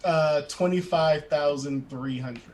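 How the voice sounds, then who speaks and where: Male player, a bit high-pitched, halting casual talk, faint clicks behind. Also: darkish tone, slight background noise. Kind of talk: casual tabletop play chat.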